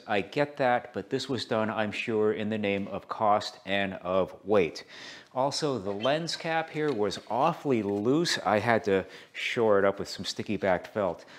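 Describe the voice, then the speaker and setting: A man's voice: fairly low pitch, no room sound. Man reviewing a telescope, dry humor. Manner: practical, dryly joking asides. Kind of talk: product review walkthrough.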